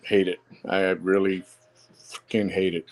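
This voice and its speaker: A man's voice: deep voice, little pitch movement, unhurried, soft background music. A man from Chicago, hosting a solo audio show, talking bluntly and heatedly, repeating himself for emphasis. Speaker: podcast host.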